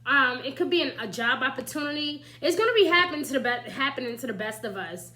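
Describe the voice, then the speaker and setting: Bright, high-voiced chatty woman reader. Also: fast, rough recording. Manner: chatty, animated, with frequent "you know" and "right?"; laughs lightly while talking. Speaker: astrology and tarot reader. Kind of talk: casual spiritual advice monologue.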